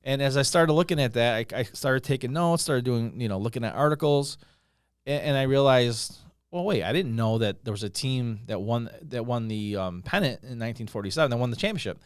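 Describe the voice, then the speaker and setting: A man's voice: mid-range voice, brisk, smooth, no room sound, studio quality. A middle-aged man from Utica, New York, telling a story as a guest author, rambling with fillers and restarts. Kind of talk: casual podcast chat.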